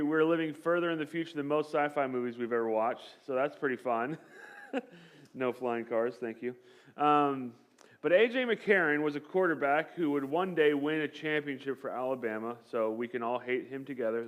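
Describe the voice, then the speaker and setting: A man preaching a sermon to his church, conversational and joking, telling a story with lively acted-out quotes. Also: a little high. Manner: conversational, with jokes and light laughs. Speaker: pastor.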